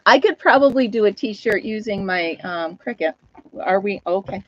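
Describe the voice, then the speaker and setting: A woman's voice: medium pitch, animated, unhurried, long pauses, highs cut off. A woman hosting a casual live chat from home, laughing often and talking to viewers and her dog. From United States. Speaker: host of a live chat stream.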